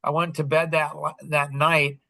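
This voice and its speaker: A man's voice: on the high side, flat delivery, a little slow, pushed and bright, dry recording. A man hosting a podcast, telling stories casually and acting out the quoted dialogue with lots of animation. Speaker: podcast host. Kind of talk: casual storytelling chat.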